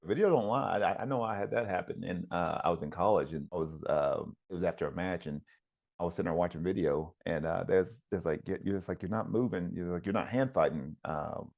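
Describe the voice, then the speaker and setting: Deep-voiced man, relaxed coach. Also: brisk, gravelly, lo-fi sound. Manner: relaxed, easygoing, with frequent "uh" and "um". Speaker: wrestling coach and podcast host. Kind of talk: casual conversation.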